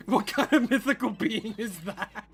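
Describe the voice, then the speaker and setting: A man streaming a game, telling stories to his chat in a casual, animated way that breaks into laughter. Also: high-pitched, a little slow, gravelly. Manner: animated storytelling, bursts of laughter.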